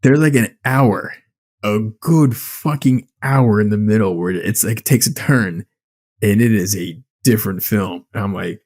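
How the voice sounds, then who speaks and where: A man's voice: fairly low pitch, unhurried. A man co-hosting a podcast, ranting about a movie in casual chat, swearing often and telling it with incredulous energy. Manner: animated, swearing, incredulous storytelling. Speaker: podcast co-host.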